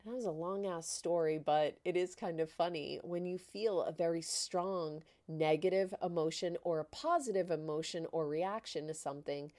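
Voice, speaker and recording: A woman with a fairly low voice talks casually into the mic. She tells her story with plenty of animation, slips into the voices of the people in it, and laughs often. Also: normal speed, hardly any pauses. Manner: animated, laughing, acts out quoted dialogue. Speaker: podcast host.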